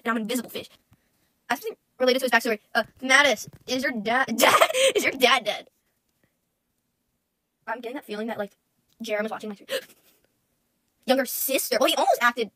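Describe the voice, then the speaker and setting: A woman's voice: fairly high pitch, animated, quick pace, pauses often, bright, forceful tone, dry recording. A young woman streaming, chatting casually and rambling to her chat, often giggling, close to the mic.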